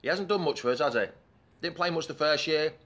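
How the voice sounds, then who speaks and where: A man's voice: on the high side, brisk, a bit bright. A man hosting a live fan chat show in a chatty, rambling way, breaking off to greet commenters.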